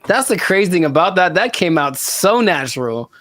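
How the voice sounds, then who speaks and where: A man co-hosting a podcast in casual chat, rambling in an animated way and laughing as he talks. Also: sits high, normal speed, slight background noise. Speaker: podcast co-host.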